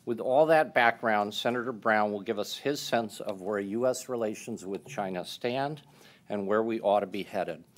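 Man, lowish voice, moderator, formal measured introduction, polite. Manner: measured, polite, reading prepared remarks.

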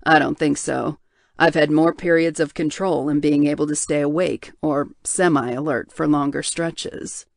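A woman voicing a wounded, drugged male bear shifter in an audiobook, speaking slowly with heavy guilt. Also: low voice, steady tone, creaky, no room sound, clean studio sound, pitched below the performer's own voice. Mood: weary. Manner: slow, heavy, guilt-laden. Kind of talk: audiobook character voice.

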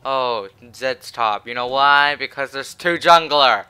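A man commentating his own match, swearing and swinging from low muttering to shouted taunts. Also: takes it slowly, smooth. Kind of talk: raging gameplay commentary.

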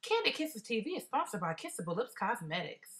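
A woman's voice: on the high side, big pitch swings, a little fast, background noise. A woman hosting an interview show, asking casual questions, playful and laughing along.

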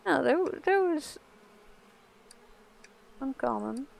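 An Irish woman streams a game and chats casually as she plays, rambling with plenty of asides. Her voice sits high and is expressive, slow, and creaky.

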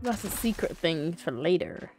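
A woman's voice: on the low side, expressive, normal speed, a little hiss or hum. A woman streaming a video game, casual commentary with frequent swearing and exclamations.

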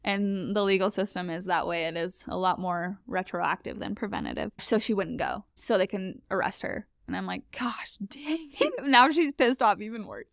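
A young woman recounts a bizarre true story in a casual, chatty way. Her voice is smooth and clear at a middle pitch, and she jumps up high whenever she acts out what someone said. The recording is dry and close. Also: moderate pace, hardly any pauses, no room sound. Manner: animated, acts out quoted lines in a higher voice. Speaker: guest telling a story.

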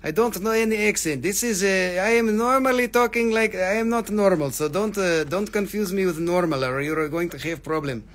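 A man's voice: high voice, animated, moderate pace, fairly bright tone. A man putting on a playful mock accent, joking and teasing as he sells.

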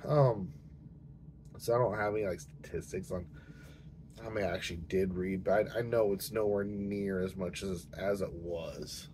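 A man with a lowish voice chats casually about books, rambling and restarting his sentences with plenty of fillers. He has the hiccups. A faint hum of room ambience sits behind him. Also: steady tone, moderate pace, darkish tone. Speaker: book channel host. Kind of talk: casual chat to camera.

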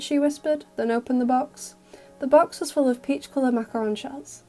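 A woman narrating a fan audio story in a gentle, even storytelling voice. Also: on the high side. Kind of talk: scripted narration.

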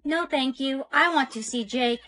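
A curious young female robot, played by a woman, who asks polite, literal questions in a high, bright voice. She stays earnest and inquisitive throughout a short online POV skit. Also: normal speed, no room sound. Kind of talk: TikTok POV skit acting.

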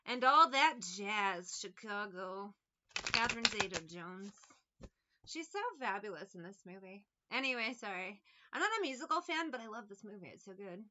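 A woman's voice: mid-range voice, animated, normal speed, sharp tone, dull audio. A woman, a tarot reader chatting casually, rambling, laughing often and breaking into song. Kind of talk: casual chat. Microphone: phone.

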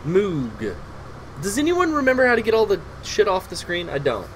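A man's voice: high-pitched, very animated, quick pace, fairly bright tone, slight background noise, rough recording. A man streaming a video game, chatting casually and profanely with a caller and his chat. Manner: loose, profane, talks to chat while playing.

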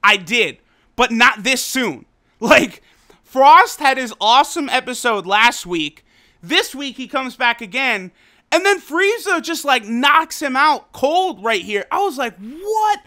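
A man casually reviewing an anime episode, recapping it in an excitable, profane way and often laughing. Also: very high-pitched.

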